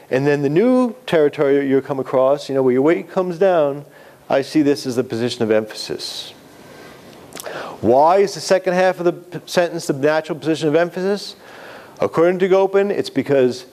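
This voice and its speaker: Teaching a writing class, a man with a slightly high, darkish voice lectures to his students. He keeps it conversational, self-correcting and asking the audience questions.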